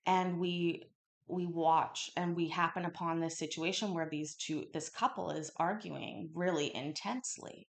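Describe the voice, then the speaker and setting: Female stream host, lowish voice, animated casual storyteller, swears a lot. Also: measured pace, vocal fry, a little hiss or hum. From Canada. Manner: animated, swears freely, acts out quotes loudly. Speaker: livestream host. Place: home kitchen. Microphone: home livestream mic.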